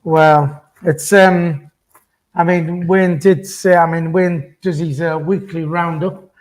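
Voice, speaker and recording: Rambling Northeast English fan host. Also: male voice, on the high side, fairly even intonation, slow pace. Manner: rambling with many fillers. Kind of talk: casual post-match chat.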